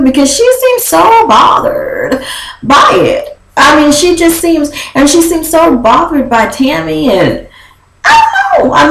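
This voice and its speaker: A woman's voice: high-pitched, echoey room, poor audio. A young woman vlogger giving a sassy, chatty recap, often slipping into mock voices. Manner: sassy, chatty, animated with laughs and quoted voices. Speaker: vlogger recapping a reality show. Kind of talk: casual gossip recap.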